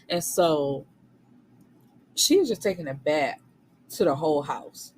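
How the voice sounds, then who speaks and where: A woman's voice: sits low, animated, a little slow, pauses often, darkish tone, a little hiss or hum, low-quality recording. A woman recapping a novel's plot in a casual, slangy way, swearing freely and acting out the characters. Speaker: book reviewer.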